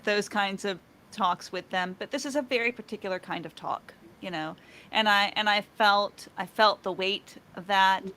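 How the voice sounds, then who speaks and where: A woman hosting an interview podcast, talking in a halting way as she chats with a guest. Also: mid-range voice, pushed and bright. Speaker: podcast host. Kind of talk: casual interview chat.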